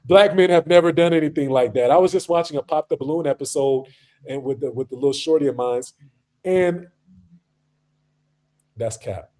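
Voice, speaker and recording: Brief: male stream host, blunt and slangy, a mellow voice sitting a bit high. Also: normal speed, long pauses. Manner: blunt, slangy storytelling with acted quotes. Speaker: livestream host. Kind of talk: casual streamed debate talk.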